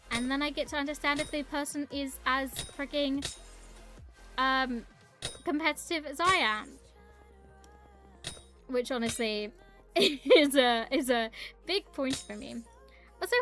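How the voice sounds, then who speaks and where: A woman's voice: sits high, slow pace, pauses often, pushed and bright, faint music behind. A young woman streaming a game, chatting in a rambling, casual way and greeting her viewers. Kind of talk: casual live-stream chat while gaming.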